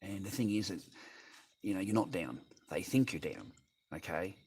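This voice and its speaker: A man's voice: low voice, lively intonation, normal speed, noisy background. An Australian man chatting casually on a live stream, rambling, swearing and answering chat messages.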